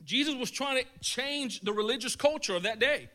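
A man preaching a casual, animated sermon in a colloquial way, chuckling as he goes. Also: very high voice, moderate pace.

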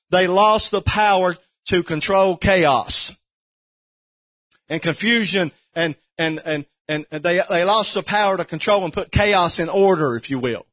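A man preaching a sermon, fervent and building to shouts with repeated questions. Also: high-pitched.

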